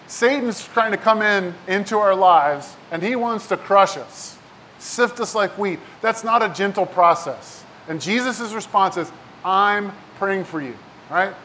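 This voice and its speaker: A man with a high voice preaches in a relaxed, conversational way. He keeps checking in with his listeners through quick asides. A faint low rumble sits under his voice. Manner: casual, talks with many rhetorical "right?" and "like" asides. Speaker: pastor. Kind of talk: conversational sermon.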